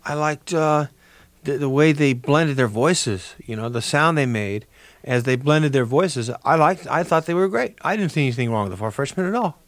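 An older man talking as a radio interview guest, halting and restarting, with many fillers. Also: fairly high pitch, lively intonation, dry recording.

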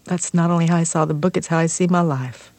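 A woman from South Carolina, an author, reading aloud from her novel with deliberate emphasis and then answering interview questions. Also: lowish voice, a little mellow, slight background noise. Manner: deliberate reading with slowing emphasis, brisker and laughing in conversation. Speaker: author and guest. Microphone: studio microphone. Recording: dry studio sound.

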